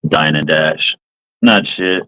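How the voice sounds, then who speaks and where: A man's voice: rumbling low, slow, pushed and bright, rough recording. A man in a casual chat, teasing and laughing easily.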